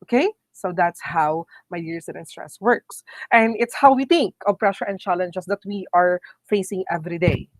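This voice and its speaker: A woman teacher with a Filipino accent giving a quick online review lecture, often checking in with "okay?" and slipping into Tagalog phrases. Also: on the low side, dry recording, low-quality recording. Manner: brisk, repeats "okay?" and "my dear students"; mixes English with Tagalog phrases.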